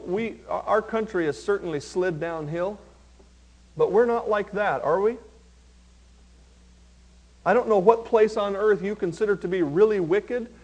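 High-voiced male preacher reading scripture. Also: a little mellow. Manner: reads scripture slowly and emphatically, then speaks conversationally to the congregation. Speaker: pastor. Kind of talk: sermon.

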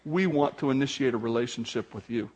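An older man, a grandfather, preaching a sermon as pastor, animated and acting out the voices of people in his stories. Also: mid-range voice, brisk, husky, highs cut off.

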